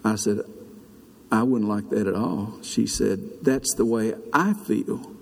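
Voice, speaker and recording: Older pastor, hall reverb. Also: male voice, takes it slowly, gravelly, husky. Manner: storytelling, earnest, rises high when preaching. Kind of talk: sermon. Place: church sanctuary. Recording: long reverb of a church hall.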